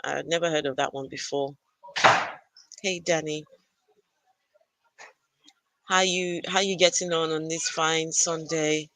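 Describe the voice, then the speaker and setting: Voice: medium pitch, vocal fry, bright, forceful tone, dry recording, rough recording. An adult parent hosting a casual live stream from a gaming arena computer, chatting and greeting viewers by name. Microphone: arcade computer, no camera.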